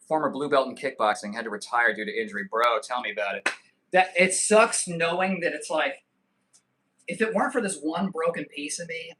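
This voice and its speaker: A man's voice: medium pitch, bright, forceful tone. A man in his thirties hosting a casual live stream, reading viewer comments aloud and joking loosely with frequent swearing. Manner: loose, joking and profane, with quick asides. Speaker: livestream host.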